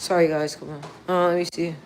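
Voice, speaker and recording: A young woman chatting casually on a livestream, slangy and relaxed as she talks to her viewers and her dog. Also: fairly low pitch, a little fast, a little hiss or hum. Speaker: livestream host.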